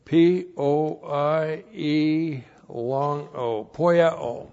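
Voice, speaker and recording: A man's voice: a little high, steady tone, extremely slow, gravelly, darkish tone. A man teaching the Bible verse by verse, working through numbered points and repeating each one twice. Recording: dull lo-fi recording.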